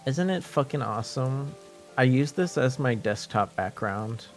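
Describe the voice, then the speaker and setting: A man's voice: mid-range voice, lively intonation, measured pace, faint music behind. A man from French Canada streaming live, chatting casually and jokingly with his viewers, rambling and often repeating himself.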